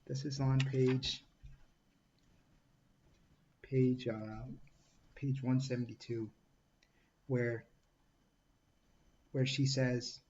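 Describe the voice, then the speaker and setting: A man talking casually through a book review, halting often with fillers and restarts and reading quotes aloud. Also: medium pitch, level tone, darkish tone, muffled recording, a little hiss or hum.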